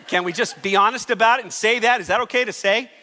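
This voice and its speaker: High, bright-voiced preaching pastor in a hall. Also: male voice, quick pace, slight background noise. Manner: emphatic, conversational preaching with rising calls. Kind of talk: sermon. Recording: hall reverb.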